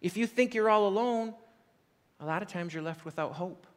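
High-voiced male pastor in a reverberant hall. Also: normal speed. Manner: conversational storytelling, frequent "like" and "right?". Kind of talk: sermon.

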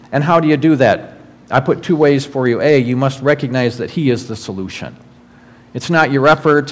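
A man preaching a sermon as pastor, earnest and conversational, with frequent fillers and restarts. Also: medium pitch. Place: church sanctuary. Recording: long hall reverb.

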